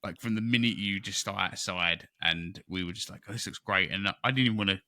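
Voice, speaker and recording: Brief: man, low, bright voice, excitable rambling podcast co-host. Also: fairly quick, no echo, clean studio sound. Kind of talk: casual chat.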